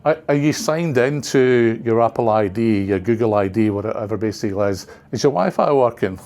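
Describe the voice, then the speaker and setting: A man's voice: on the low side, lively intonation, normal speed, a little mellow. An older man giving a casual, rambling presentation to a class of trainers in a training room, full of side remarks. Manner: rambling, chatty, full of asides.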